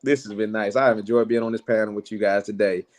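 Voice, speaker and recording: A man chatting casually as a guest on a livestream panel. He is animated and grateful, breaking off now and then for a lingering cough. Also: lowish voice, fast talker. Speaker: panel guest, channel owner. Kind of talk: casual chat.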